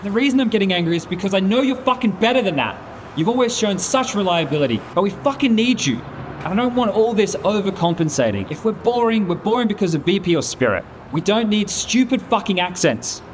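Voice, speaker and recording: A man's voice: high voice, sing-song, brisk, slight background noise. Angry swearing man lecturing a colleague. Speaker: caster in a comedy sketch. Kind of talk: scripted comedy sketch.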